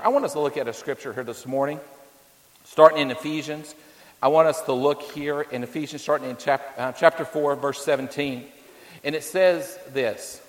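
A man's voice: mid-range voice, long reverb tail, rough recording. A man preaching a sermon as pastor, folksy and anecdotal, with many fillers and homespun stories.

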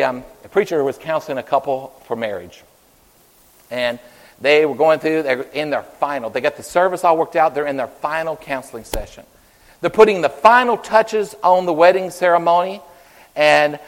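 A man preaching an Easter sermon with a fairly high voice. He speaks earnestly and swings between loud, urgent stretches and soft, low passages. His words ring out with a long reverb, as if from a large hall. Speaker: pastor.

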